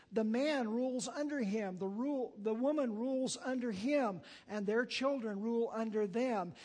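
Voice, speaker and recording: A man's voice: high-pitched, vocal fry. A man preaching a sermon, talking casually with fillers and asides between readings of scripture. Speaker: pastor.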